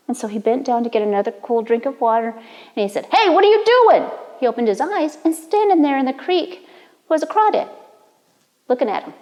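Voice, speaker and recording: Brief: woman storyteller from the Cherokee Nation, easy conversational telling, lingering room echo. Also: fairly high pitch. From Cherokee Nation, Oklahoma. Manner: relaxed, conversational, playful. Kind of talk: oral storytelling.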